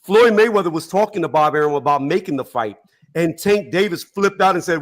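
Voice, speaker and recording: Man, defensive debater, somewhat high voice, insistent, video call audio. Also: expressive, fairly quick. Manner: insistent, defensive, lays out his case. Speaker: panelist debater. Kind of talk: heated online debate panel.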